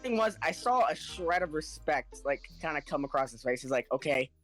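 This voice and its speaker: A man telling a story in casual podcast chat, animated and acting out the people in it, laughing now and then. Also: a little high, brisk, soft background music. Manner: animated, acts out the other people in his story; laughs between lines.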